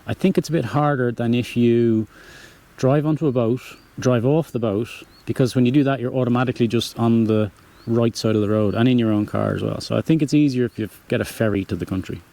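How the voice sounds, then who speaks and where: A relaxed young man with a Dublin Irish accent and a mellow, warm voice. He chats casually through viewer questions and corrects himself as he goes. His pitch sits in an ordinary middle range. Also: a little fast, gravelly. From Ireland. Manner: easygoing, rambling, self-correcting. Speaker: channel host answering viewer questions. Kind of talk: casual chat.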